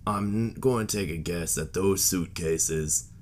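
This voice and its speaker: A man's voice: low voice, takes it slowly, slight background noise. A man playing a tabletop game, speaking in character with dry retorts. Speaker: player.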